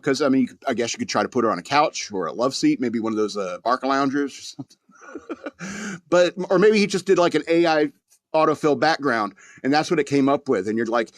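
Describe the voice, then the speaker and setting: A man's voice: mid-range voice, lively intonation, brisk, no echo. A man hosting a podcast, rambling through a crude, mock-angry comedic rant and laughing at his own jokes. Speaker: podcast host.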